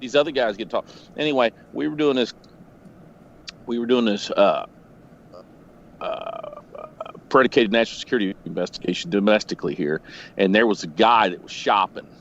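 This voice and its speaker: A man's voice: lowish voice, moderate pace, pauses often. A man telling rambling, profanity-laced stories on a casual podcast call, speaking from home. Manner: profane, rambling, animated retelling. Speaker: podcast storyteller. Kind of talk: casual storytelling. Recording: lo-fi with faint noise.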